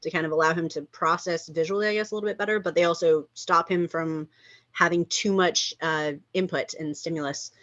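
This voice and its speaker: Chatty woman on a video call, kinda low voice but bright and forceful, muffled lo-fi audio, lots of likes and ums. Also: a little fast, dry recording. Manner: chatty, with lots of fillers and lively asides. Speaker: cast member of an online table-read group. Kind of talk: casual chat.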